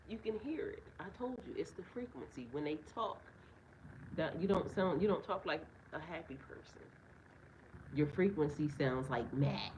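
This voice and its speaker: A deep-voiced woman is captured on a low-quality recording with slight background noise. As a spiritual reader and life coach, she offers a casual astrology reading in a yard with birds nearby, talking bluntly, using heavy profanity, and laughing often.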